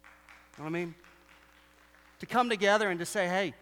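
A man's voice: high voice, moderate pace, a bit bright. Preaching man in a reverberant church. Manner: conversational preaching with rhetorical questions. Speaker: pastor. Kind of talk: sermon. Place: church sanctuary. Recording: long hall reverb.

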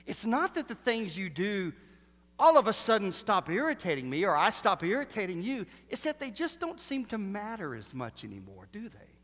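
A man preaching a sermon, animated and full of rhetorical questions, swinging between loud bursts and hushed lines. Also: high-pitched, moderate pace. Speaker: pastor. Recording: long reverb of a large hall.

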